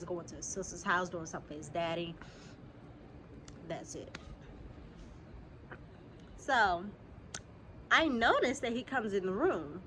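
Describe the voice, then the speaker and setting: A young woman, telling a casual storytime vlog straight to her viewers. She is a little sick and keeps clearing her throat, and her talk is animated and full of swearing. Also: lowish voice, noisy background. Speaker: vlogger. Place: outdoors.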